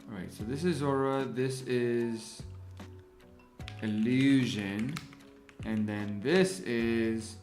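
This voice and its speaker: Slow-talking man hosting a design livestream. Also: medium pitch, roomy sound, soft background music. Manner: thinks aloud, greets chat, relaxed. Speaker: livestream host and graphic designer. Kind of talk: casual livestream chat while designing.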